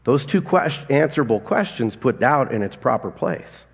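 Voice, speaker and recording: A man's voice: medium pitch, expressive, normal speed, vocal fry, breathy edge. A man in his forties preaching a sermon in a conversational, folksy way, telling stories and chuckling now and then. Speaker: pastor. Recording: long hall reverb.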